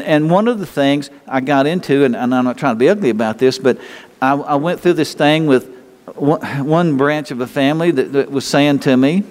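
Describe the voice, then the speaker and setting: An older man delivers a folksy, rambling sermon, circling back and restarting his sentences as he talks to his congregation. His voice sits a little high for a man. The long reverb of a church hall trails behind every phrase. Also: a little mellow. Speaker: pastor.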